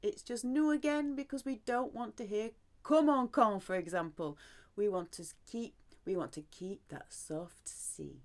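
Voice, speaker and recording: A woman teaching verbs in a lively, sing-song lesson, repeating each word as she goes. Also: mid-range voice, a little slow. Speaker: French teacher. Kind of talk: language lesson.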